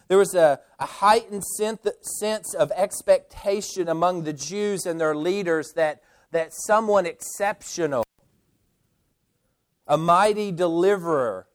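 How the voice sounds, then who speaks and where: Male pastor preaching, earnest, slow and deliberate, smooth resonant voice. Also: high voice. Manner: earnest, repeats words when restarting. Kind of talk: sermon.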